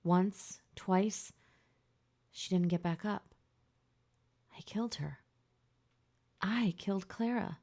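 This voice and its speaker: A woman narrating a first-person audiobook in a hushed, tense, emotional way. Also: lowish voice, slow pace, vocal fry, long pauses.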